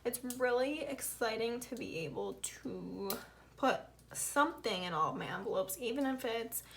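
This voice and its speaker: This vlogger's slightly high voice is creaky and fairly bright, with lively intonation at normal speed and slight background noise. A Southern US woman going over her budget casually, she counts bills aloud and occasionally murmurs the tallies to herself.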